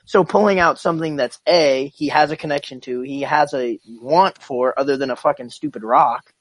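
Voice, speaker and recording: Rambling young man with a higher voice. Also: moderate pace, fairly bright tone, dry recording. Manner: rambling, restarts a lot, swears, says bro. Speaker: podcast co-host. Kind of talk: casual chat.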